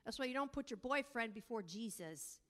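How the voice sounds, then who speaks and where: A woman teaching a sermon on God as father, preaching emphatically and drawing out key words slowly, sometimes breaking into tongues. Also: a little high, animated. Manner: emphatic preaching, rising to near-shouting; speaks in tongues at times. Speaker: prayer teacher.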